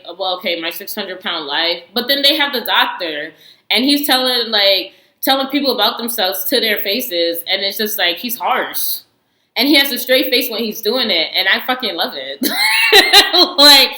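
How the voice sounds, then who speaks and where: A woman chatting to camera with a bright, forceful voice. She speaks in loose, slangy, outspoken bursts and laughs often. The sound is roomy and echoing. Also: mid-range voice. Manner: slangy, animated storytelling with frequent laughs; candid and outspoken, often swears. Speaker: reality TV reviewer. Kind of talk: casual chat.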